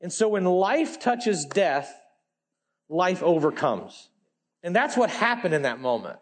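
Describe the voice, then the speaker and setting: Man, high voice, preacher, sermon, animated, slangy, loud peaks and hushed asides. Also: husky. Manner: wide swings between loud emphasis and quiet low asides.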